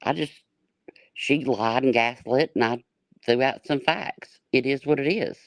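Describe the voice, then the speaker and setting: A woman's voice: a bass voice, unhurried, no echo. Sex: woman. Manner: blunt, brash talk. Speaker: panel guest. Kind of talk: casual livestream chat.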